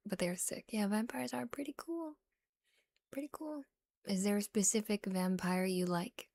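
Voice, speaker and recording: Close to the microphone, a woman streamer rambles in a gentle ASMR whisper, giggling as she goes. Her mid-range voice is creaky, and there is no echo.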